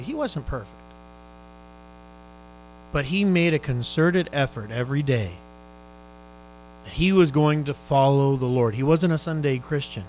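A male preacher delivering a sermon, exhorting his listeners fervently and swinging between loud urgent appeals and hushed, quiet questions. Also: mid-range voice, measured pace, long pauses, soft background music, poor audio.

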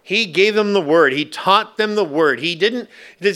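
A pastor with a high, bright voice delivers a sermon in a church. He leans on slow, weighty phrasing and drops in playful asides to the congregation.

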